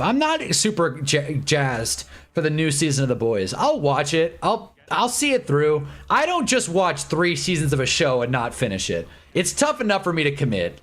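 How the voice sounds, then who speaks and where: Rambling young livestream host. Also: male voice, a little high, fairly bright tone. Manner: rambling, candid, swears and repeats himself; puts on quick voices for quoted people. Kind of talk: casual chat during a sports watch-along.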